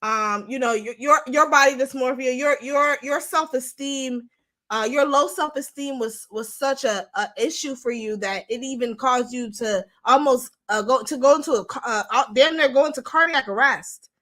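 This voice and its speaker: A woman's voice: high-pitched, normal speed, a bit bright. A young adult woman hosting a casual commentary show, talking blunt and sassy straight to her viewers. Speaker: show host.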